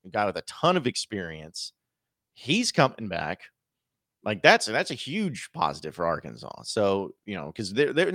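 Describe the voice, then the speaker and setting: A man's voice: lowish voice, fairly bright tone, no room sound, clean studio sound. A man hosting a sports podcast, talking casually and with strong opinions, often restarting his sentences. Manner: opinionated, emphatic, with frequent restarts. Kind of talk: casual solo podcast commentary.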